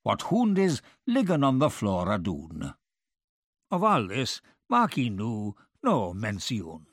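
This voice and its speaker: A man reading medieval verse aloud in a measured, rhythmic recitation. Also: lowish voice, wildly swooping pitch, husky, no room sound, studio quality. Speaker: reader.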